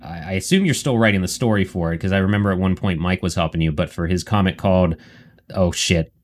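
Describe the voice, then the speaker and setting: A man's voice: deep voice, fast talker. A man hosting a casual podcast chat, rambling with stumbling restarts and the odd swear. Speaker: podcast host.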